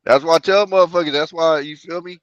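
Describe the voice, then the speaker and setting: A man of forty swapping crude, animated anecdotes in a casual chat and acting out the people he quotes. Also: a little high, fast talker, dry recording. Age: 40s. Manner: profane, animated anecdote-teller who acts out the people he quotes. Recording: lo-fi dry recording.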